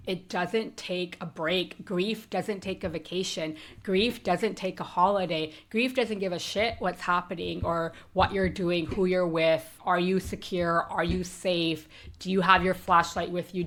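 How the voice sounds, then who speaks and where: A woman podcast host telling a personal story in a candid, emotional monologue, swearing freely and moving between quiet, heavy moments and bright ones. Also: fairly low pitch.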